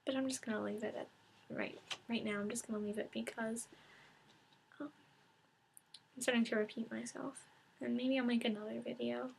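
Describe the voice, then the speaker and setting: A woman records a casual book review, half-whispering and close to tears as she talks. Her voice sits fairly high but stays flat, with a lot of gravelly fry. She pauses often and restarts her sentences. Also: a little hiss or hum.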